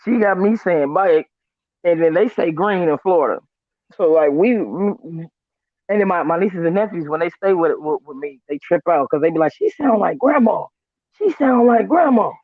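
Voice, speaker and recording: A man's voice: a little high, normal speed, no echo. A man from California, co-hosting a casual live show, telling stories animatedly and acting out the voices of other people. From Northern California. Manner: animated storyteller, acts out quotes, swears freely. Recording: tinny phone-like line.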